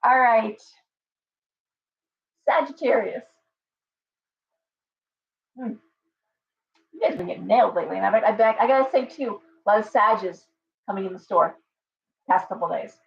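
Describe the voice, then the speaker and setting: A middle-aged woman chats her way through a tarot reading, talking loosely with fillers and restarts. Her voice is dulled and a little distant from the microphone, at an ordinary middle pitch. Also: lively intonation, measured pace, gravelly, long pauses, slight background noise. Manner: chatty, rambling, frequent fillers and restarts. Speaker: tarot reader. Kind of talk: casual live stream tarot reading. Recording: muffled audio from away from the mic.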